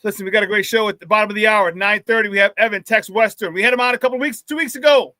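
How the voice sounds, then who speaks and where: A man hosting a live morning sports talk show, loud and playful, hyping up his audience with shout-outs. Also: sits high, racing, dry recording.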